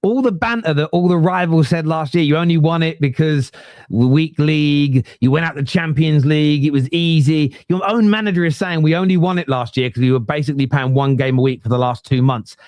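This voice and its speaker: A forty-something man hosts a casual football chat. His voice sits a little high and sounds close and dry, and he talks in a laid-back, bantering way. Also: brisk, darkish tone, dry recording. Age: 40s. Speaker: podcast host.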